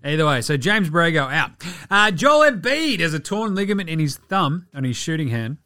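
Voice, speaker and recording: An Australian man hosting a basketball talk show, chatting casually with profane jokes and quick asides. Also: fairly high pitch, big pitch swings, sharp tone, dry recording. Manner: profane, joking, rapid asides. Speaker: basketball podcast host. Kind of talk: casual sports chat.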